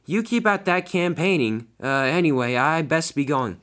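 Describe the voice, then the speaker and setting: A man's voice: a little high, expressive, normal speed, fairly bright tone, pitched above the performer's own voice. A man voicing a friendly, easygoing male engine who talks in a folksy, hesitant way.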